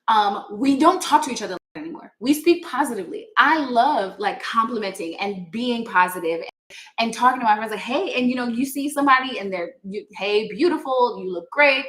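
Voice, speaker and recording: A woman's voice: a little high, a bit bright. A woman who teaches yoga, chatting casually with viewers on a livestream, earnest and laughing often as she reads comments aloud. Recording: echoey room.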